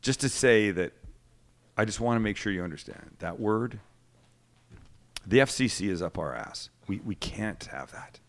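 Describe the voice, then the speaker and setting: Animated male host telling stories. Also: lowish voice, normal speed, pauses often. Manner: animated storyteller acting out quotes. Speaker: cooking show host. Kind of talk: casual storytelling chat.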